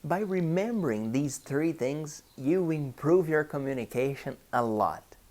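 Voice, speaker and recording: Teaching an English lesson online, this Brazilian man talks with a Brazilian Portuguese accent, slowly and carefully, going over key phrases again. Portuguese is his native tongue, and his voice sits on the high side, animated and a little mellow.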